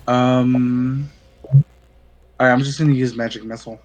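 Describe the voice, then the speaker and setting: A man's voice: medium pitch, level tone, measured pace, a little mellow. A man playing a tabletop game, speaking in a hesitant, unsure way. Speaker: player.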